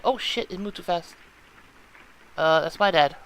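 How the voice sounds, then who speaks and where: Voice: mid-range voice, measured pace, fairly bright tone, low-quality recording. A let's play streamer giving casual, joking commentary on a story game, reacting aloud and swearing now and then. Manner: jokes about own bad British accent.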